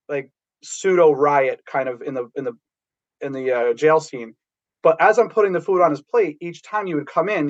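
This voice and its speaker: A middle-aged man tells stories in a loose, rambling way, full of restarts. His voice sits a little high for a man. The recording sounds dull and lo-fi. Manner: rambling, animated storytelling with restarts. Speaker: guest, background actor. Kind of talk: casual anecdote telling.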